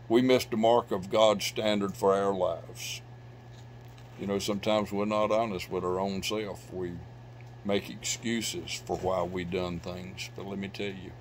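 Middle-aged pastor, low-pitched, preaching with loud swells and hushed drops, faint hum under it. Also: male voice. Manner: preaching with loud bursts of emphasis and sudden drops to quiet. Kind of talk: sermon. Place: church sanctuary.

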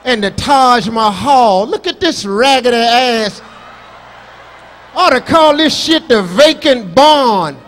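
Brash high-voiced stand-up comedian man. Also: expressive, slow pace, a bit bright, slight background noise. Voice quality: brash, profane, boastful. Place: live comedy show on stage.

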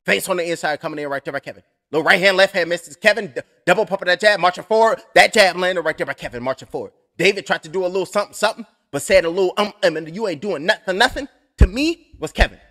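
A man's voice: sits high, fast talker, hardly any pauses, pushed and bright. A young adult man calling a fight blow by blow on a live stream, rambling and cursing with joking asides. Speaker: fight commentator.

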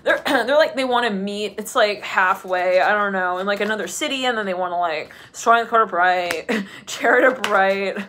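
A woman's voice: mid-range voice, moderate pace, fairly bright tone, a little hiss or hum. A woman giving a channeled tarot reading, chatty and rambling, laughing often and acting out the voices she describes. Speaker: tarot reader.

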